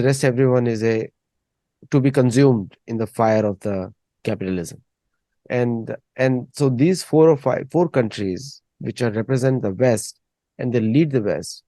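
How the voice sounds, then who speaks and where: A man's voice: mid-range voice, warm tone, no echo. A man hosting a casual discussion, rambling and repeating words as he thinks. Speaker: host.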